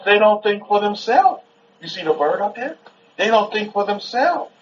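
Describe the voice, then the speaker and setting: A man's voice: sits high, very animated, normal speed, slight background noise. A man giving an informal, rambling sermon at a Sabbath gathering, repeating himself and talking conversationally. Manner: rambling, repetitive, conversational, stops to soothe a toddler. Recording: dull lo-fi recording.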